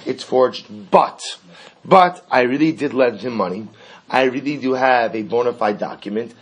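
A man's voice: medium pitch, normal speed, slightly rough, poor audio. A man teaching a Talmud class, explaining step by step and acting out the sages' exchanges.

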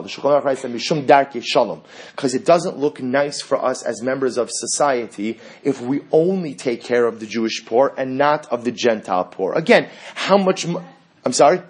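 A man teaching a Torah class, quoting Hebrew sources and translating them in a lively lecturing way. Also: mid-range voice, moderate pace, slightly rough. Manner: animated, quotes Hebrew texts and translates them.

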